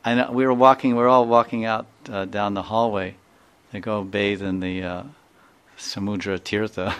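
A man's voice: fairly low pitch, level tone, moderate pace, smooth. A man speaking as a spiritual teacher, giving a devotional talk full of storytelling and repeated phrases. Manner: warm storytelling with repeated phrases and quoted dialogue.

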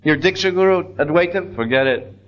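Male preacher-storyteller, animated delivery, restarts often, slightly high pitch. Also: a little fast, lo-fi sound, slight background noise. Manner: animated retelling with many restarts. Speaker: religious storyteller. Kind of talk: devotional story sermon.

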